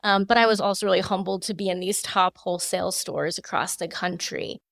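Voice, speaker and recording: A woman's voice: mid-range voice, steady tone, gravelly, fairly bright tone, dry recording, studio quality. Polished designer woman in her thirties. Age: 30s. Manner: measured, polished, with many fillers. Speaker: fashion designer guest. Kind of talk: podcast interview.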